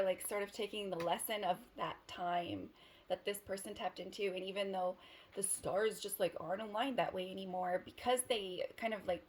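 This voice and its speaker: A woman's voice: medium pitch, fairly bright tone, slight background noise. A woman giving a casual tarot reading to the camera, who rambles, giggles and cuts herself off mid-thought. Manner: rambling, giggly, self-interrupting. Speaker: tarot reader.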